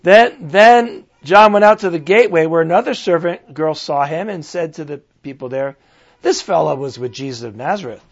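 A man preaching a sermon, reading scripture aloud and reflecting earnestly with pauses and restarts. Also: fairly high pitch. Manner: earnest, pausing, restarts and fillers while reflecting. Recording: dull lo-fi recording.

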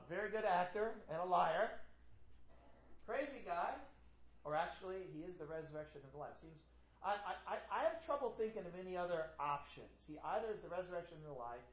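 A man teaching a Bible class, reading scripture aloud and acting out the quotes in a casual, joking way. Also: sits high. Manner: conversational, acts out quotes with humor. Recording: dull lo-fi classroom recording.

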